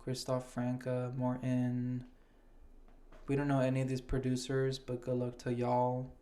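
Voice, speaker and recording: A young podcast host speaks in a medium-pitched, warm, completely flat voice, reading award nominations aloud and saying the names slowly. The chat around them is casual and loose, and he swears freely.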